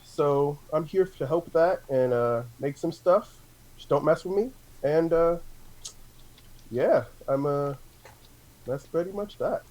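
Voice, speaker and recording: A man's voice: on the high side, lively intonation, slow pace, long pauses, a little mellow, highs cut off. A man chatting casually as a tabletop game player, eager and playful. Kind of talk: casual chat.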